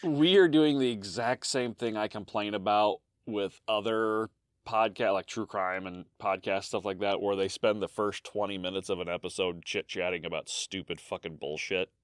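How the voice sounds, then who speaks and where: Animated, cursing podcast guy. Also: on the low side, normal speed, no echo, clean studio sound. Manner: animated, swears freely, stammers restarts. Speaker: podcast co-host. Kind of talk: casual chat.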